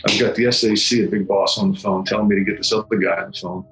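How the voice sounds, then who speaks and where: A middle-aged man giving solemn personal testimony, halting and often repeating his words. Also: fairly low pitch, fairly even intonation. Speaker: former federal agent recounting a memory. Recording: echoey room with faint music.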